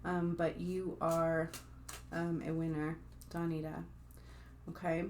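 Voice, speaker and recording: Chatty woman with a low voice. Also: little pitch movement, slow pace, darkish tone, a little hiss or hum. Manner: chatty, rambling, with frequent fillers and asides to viewers. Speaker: spiritual healer addressing viewers. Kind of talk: casual talk to camera.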